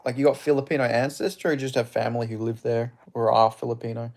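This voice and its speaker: With little pitch movement and a quick pace, a young streamer narrates a live fight in a darkish, gravelly, creaky voice of middling pitch. He's chatty and blunt, reacting to each strike, reading his viewers' chat aloud and swearing freely.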